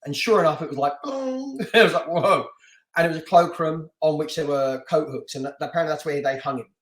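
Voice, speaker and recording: A middle-aged man originally from London tells a story as a podcast guest. He is animated, laughs often and restarts his sentences. His voice sits a little high and carries some room echo. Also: quick pace. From London, England. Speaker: podcast guest, martial artist and stunt actor. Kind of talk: casual storytelling interview.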